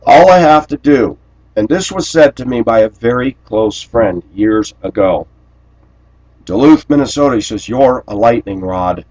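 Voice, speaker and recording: A man delivering a rambling personal monologue to camera, blunt and aggrieved, often clearing his throat. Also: medium pitch, expressive, measured pace, a little mellow, rough recording. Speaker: vlogger.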